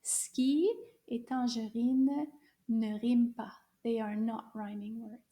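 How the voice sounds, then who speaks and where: A woman teaching a children's lesson, speaking slowly in a sing-song voice to young viewers. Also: fairly high pitch, steady tone, mellow. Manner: slow, sing-song teacher voice, drawn-out questions.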